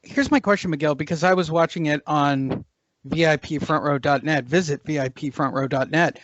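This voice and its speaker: Sarcastic male boxing podcast host, fairly high voice, dry, dull audio. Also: moderate pace, a bit bright. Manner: sarcastic, mocking. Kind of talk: casual sports talk.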